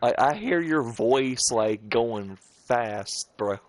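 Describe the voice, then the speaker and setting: A man's voice: mid-range voice, animated, slow pace, no echo. A tired man casually chatting while streaming a game late at night, rambling with fillers and restarts. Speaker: gaming streamer. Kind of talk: casual chat while gaming.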